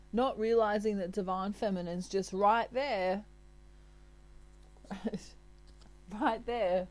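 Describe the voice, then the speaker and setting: A woman's voice: mid-range voice, darkish tone, poor audio. A woman giving a casual tarot reading, chatty and playful, laughing often. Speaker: tarot reader.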